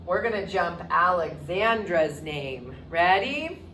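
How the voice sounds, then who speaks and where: Woman, preschool teacher on a virtual lesson; slow, bright, very sing-song delivery. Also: expressive, a little hiss or hum. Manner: exaggerated, sing-song teacher talk with big pitch leaps. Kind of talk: virtual circle time lesson for young children.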